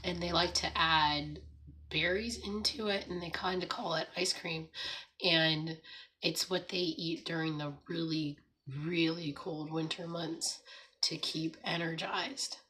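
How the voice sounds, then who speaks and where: A woman with a hoarse, raspy voice from laryngitis, hosting a casual morning livestream, chatting, laughing often and greeting viewers. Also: low-pitched, steady tone, unhurried, sharp tone. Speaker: livestream host. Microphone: streaming setup.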